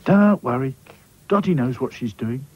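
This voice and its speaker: A man putting on a raised, friendly cartoon voice for a handy male rag doll who speaks easily and reassuringly. There is a soft breathiness in it. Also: mid-range voice, expressive, normal speed, breathy edge, muffled recording, pitched above the performer's own voice. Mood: easygoing.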